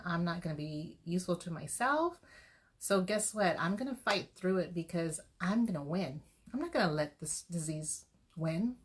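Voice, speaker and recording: A middle-aged woman giving an earnest, motivational pep talk to her sales team, telling her story in a lively way and acting out what people said. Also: fairly low pitch. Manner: earnest, faith-driven encouragement. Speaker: direct-sales team leader.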